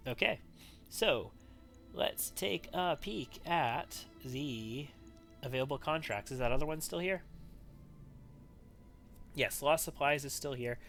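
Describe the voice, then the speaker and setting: A man's voice: on the high side, expressive, takes it slowly, gravelly, pauses often, a bit bright, soft background music. A man hosting a let's play, thinking aloud and wavering as he makes choices in a strategy game. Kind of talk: gameplay commentary.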